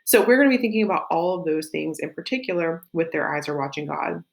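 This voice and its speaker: A woman with a light Southern US accent teaches a literature lesson, thinking aloud in a chatty way with frequent fillers and self-corrections. Her voice is low, fast and creaky, and this is a recorded classroom lesson.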